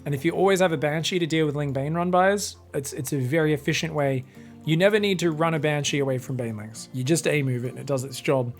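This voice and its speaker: A young man casting a strategy game match alone, excitable and crude, swearing freely and joking between plays. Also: on the high side, quick pace, faint music behind. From Australia. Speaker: esports caster. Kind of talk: solo game commentary.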